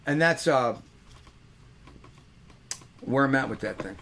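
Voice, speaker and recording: A man's voice: mid-range voice, lively intonation, takes it slowly, gravelly, a bit bright. An older man, a musician hosting a webcast, telling rambling, joking, earthy stories between songs. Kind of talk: casual storytelling between songs.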